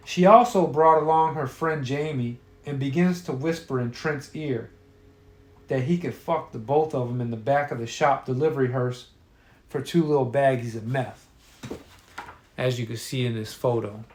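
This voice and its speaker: A man's voice: mid-range voice, fairly even intonation, normal speed, echoey room. A man telling a crude story in a profane, offhand way.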